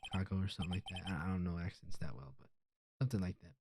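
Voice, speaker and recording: A man's voice: low-pitched, rapid-fire, noisy background. Offhand man muttering game commentary. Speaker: let's play gamer. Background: game music.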